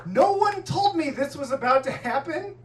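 High, animated male stand-up comic. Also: normal speed, background noise. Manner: profane, animated storytelling. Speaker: stand-up comedian. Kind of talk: stand-up set. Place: comedy club stage. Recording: echoey club, distant mic, audience laughter.

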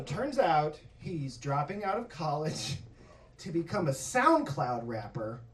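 A man's voice: fairly high pitch, recorded from a distance, a little hiss or hum. A man doing a stand-up comedy set, telling a story conversationally and swearing often. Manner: conversational storytelling with swearing and animated quoted voices.

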